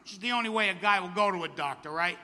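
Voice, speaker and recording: A man's voice: sits high, quick pace, bright, forceful tone, in a large hall. A middle-aged man doing a stand-up comedy set, wry and self-deprecating with punchy delivery. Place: outdoor comedy stage at a camp festival.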